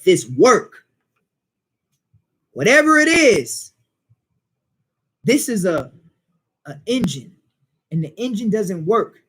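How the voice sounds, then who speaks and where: A man leading a Bible class, preaching in an animated way and firing questions at the listeners. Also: sits high, husky.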